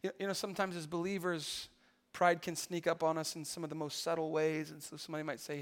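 Man, pastor, sermon, high pitched, conversational, stammered restarts, loud emphatic climaxes. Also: fairly even intonation, fast, big-room sound. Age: adult.

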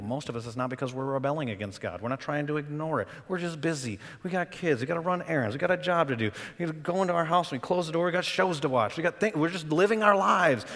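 A man preaching a sermon as pastor, talking conversationally and then rising to loud, emotional cries. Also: mid-range voice, in a large hall.

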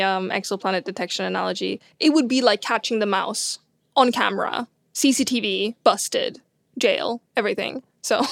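A woman astronomer talks through science in a relaxed, chatty way, stumbling over fillers and restarts and laughing often. Her pitch sits in an ordinary middle range. The recording is dry and close, with no room sound. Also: creaky, no room sound. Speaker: astronomer guest. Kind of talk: casual science chat.

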